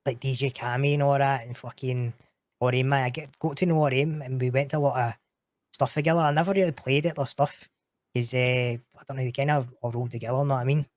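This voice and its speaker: Scottish guy telling stories on a podcast, swears a lot, gets animated, dry sound. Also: mid-range voice, quick pace, dry recording. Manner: animated, sweary, quotes others in raised voice. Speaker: guest. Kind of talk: casual storytelling chat.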